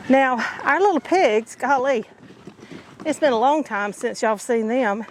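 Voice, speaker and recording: Folksy woman, slightly high voice. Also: expressive, unhurried, slight background noise. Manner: folksy and chatty, addresses viewers as y'all. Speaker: homesteading vlogger. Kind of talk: casual chat to camera. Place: outdoors on a homestead.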